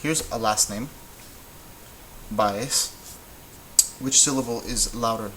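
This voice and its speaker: A man's voice: medium pitch, slow pace, long pauses, pushed and bright, slight background noise, rough recording. A man teaching a lesson at a whiteboard, explaining step by step in a patient way and stopping to correct himself. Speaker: Spanish teacher.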